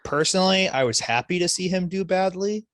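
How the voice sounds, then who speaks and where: A man's voice: high voice, a little fast, a bit bright, dry recording, clean studio sound. A man co-hosting a podcast, griping about sports in a profane, mock-vengeful way. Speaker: podcast co-host. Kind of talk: casual sports chat.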